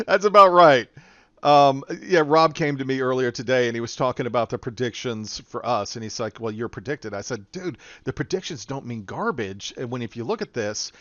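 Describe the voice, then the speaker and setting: A man's voice: medium pitch, normal speed, sharp tone, no room sound, muffled recording. A man hosting a casual podcast chat, loose and rambling, laughing often. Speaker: podcast host.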